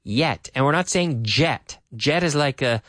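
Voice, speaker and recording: A man teaching an English lesson, repeating phrases slowly and then explaining them. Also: mid-range voice, expressive, a bit bright, no echo, studio quality.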